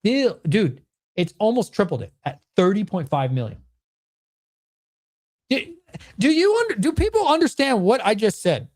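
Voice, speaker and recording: A man's voice: sits high, normal speed, long pauses. Thirties male streamer, fired-up and foul-mouthed, voice leaping all over as he argues with chat. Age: 30s. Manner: excitable, swears a lot, ranting at chat. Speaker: streamer host. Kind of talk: livestream Q&A chat.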